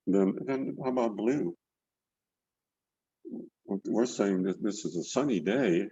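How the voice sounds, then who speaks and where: This older painting teacher is expressive yet slow as he demonstrates over an online session from his indoor studio, rambling and repeating words while painting. His lowish voice is warm and husky. The video call mic captures it with no room sound but a lo-fi quality.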